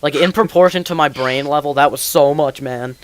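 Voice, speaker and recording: A man's voice: fairly high pitch, brisk, smooth, no echo. A teenage man hosting a casual gaming podcast, rambling through school stories with lots of fillers. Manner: rambling storyteller, many fillers. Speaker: podcast host. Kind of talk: casual chat while gaming.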